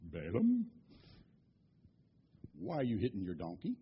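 A man voicing God as a solemn, stern, commanding figure, speaking low and grave. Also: wildly swooping pitch, measured pace, lo-fi sound, a little hiss or hum.

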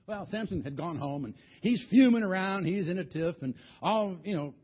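Man, preacher, folksy Bible storytelling, high voice, very lively pitch. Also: normal speed, breathy edge. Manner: folksy, colloquial, lots of restarts. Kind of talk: animated Bible storytelling sermon. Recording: dull lo-fi recording.

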